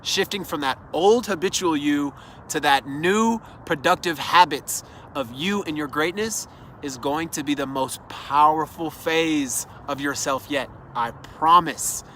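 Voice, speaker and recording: A man's voice: a little high, measured pace, bright, forceful tone, slight background noise. A man giving an earnest, encouraging motivational talk that speaks straight to the listener, recorded outdoors. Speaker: self-development speaker. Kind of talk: motivational monologue.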